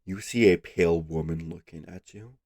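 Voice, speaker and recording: Stuffed-up guy dm'ing, very low deep voice, mellow and dry, calm slow narration. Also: no echo. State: congested. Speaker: game master. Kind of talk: narrating a tabletop game.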